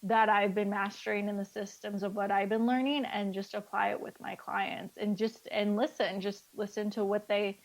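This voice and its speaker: A woman speaking as a life coach guest in a casual interview, lively and acting out the dialogue she quotes. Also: mid-range voice, moderate pace, vocal fry, few pauses.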